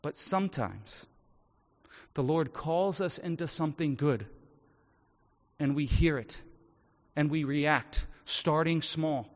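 High-voiced man preaching in a hall. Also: takes it slowly, long pauses. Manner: conversational, acts out quoted voices. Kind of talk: sermon. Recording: echoey hall, dull audio.

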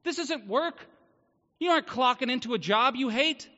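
Male pastor, very high and bright voice, earnest emphatic sermon, muffled recording in a reverberant church hall. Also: animated, normal speed. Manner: earnest, emphatic preaching with rhetorical questions.

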